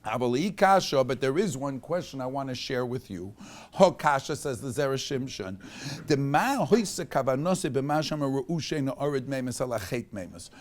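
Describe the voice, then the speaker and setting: A man's voice: mid-range voice, animated, moderate pace. A man teaching a Torah class in a synagogue study hall. He reads Hebrew text aloud, then explains it in English with rhetorical questions. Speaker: rabbi teaching a weekly class. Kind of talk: Torah lecture.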